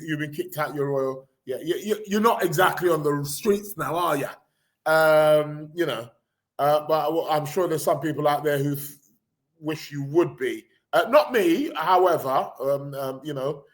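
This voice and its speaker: A man's voice: on the high side, moderate pace. A man hosting a podcast, reading out the news in a rambling, sarcastic way, with lots of fillers and restarts. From England. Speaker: podcast host. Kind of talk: casual live chat reading news.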